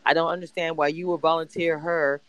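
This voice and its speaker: A woman's voice: low voice, little pitch movement, fairly quick, a bit bright, smooth, dry recording, poor audio. A woman hosting a casual audio chat room, speaking emphatically with hesitant "um" fillers.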